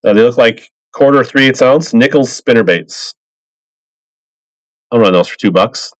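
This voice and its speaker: A man with a medium-pitched voice sells fishing lures at a measured pace during a casual live stream auction, rambling upbeat and greeting buyers by name. The stream audio has no echo and sounds slightly dull and lo-fi.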